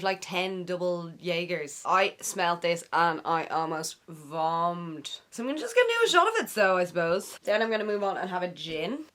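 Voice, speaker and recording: A young Irish-accented beauty vlogger chats casually through a get-ready-with-me vlog in her bedroom. Her voice is on the low side and a bit bright, and she's playful and slangy, tossing in silly made-up words.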